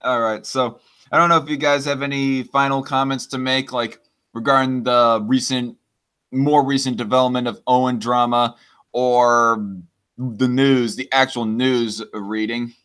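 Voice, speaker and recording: Bright, crisp-voiced man stammering through banter. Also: medium pitch, level tone, measured pace. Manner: stammering, crude joking banter. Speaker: live stream host. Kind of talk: casual live stream chat.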